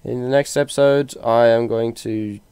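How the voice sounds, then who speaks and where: A man's voice: medium pitch, fairly even intonation, moderate pace, darkish tone, clean tone, dry recording. A man with a Norwegian accent, giving casual gameplay commentary and joking at the game characters, swearing now and then. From Norway. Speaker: let's play commentator.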